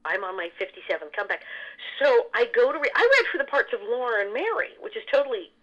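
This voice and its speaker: A woman with a bright, forceful voice tells stories in a quick, animated way, breaking into laughter often. She sounds like a guest chatting casually in an interview. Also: on the high side, lo-fi sound. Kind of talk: casual storytelling chat.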